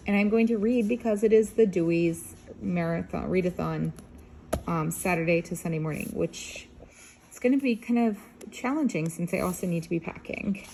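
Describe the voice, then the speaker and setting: Holding her phone at arm's length, a vlogger in her thirties talks chattily and rambles, starting in her car and ending up at home. She has a lowish, warm, creaky voice at normal speed, and the recording carries a little hiss or hum.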